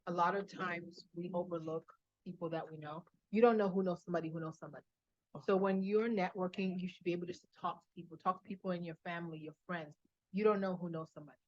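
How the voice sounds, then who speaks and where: A woman's voice: lowish voice, fairly even intonation, quick pace. A woman co-presenting a workshop, giving earnest advice through a personal story. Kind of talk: casual advice with a personal anecdote. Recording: dull lo-fi room recording.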